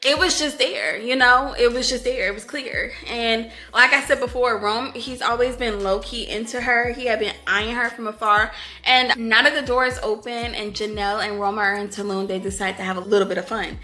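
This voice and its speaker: A woman's voice: fairly high pitch, steady tone, moderate pace, bright, forceful tone. A young woman chatting casually to her viewers in a book review vlog, giggly and gushing, calling them y'all and honey.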